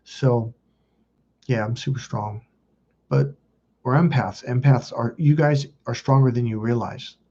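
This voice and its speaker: A man's voice: mid-range voice, steady tone, warm tone, highs cut off, slight background noise. A man hosting a self-help video, telling personal stories in a blunt, profane, casual way. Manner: blunt and profane, quick asides. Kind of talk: casual confessional storytelling.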